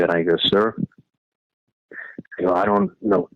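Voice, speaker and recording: A man's voice: fairly low pitch, big pitch swings, a little slow, creaky, no room sound. A man on a wiretapped phone call, rambling through a retold conversation, quoting the other side and swearing freely. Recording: muffled wiretap phone recording.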